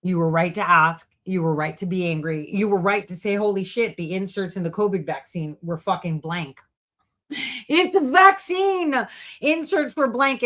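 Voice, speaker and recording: A woman hosting a heated monologue to her online audience, profane and angry, swinging between loud outbursts and hushed asides. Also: medium pitch. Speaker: host.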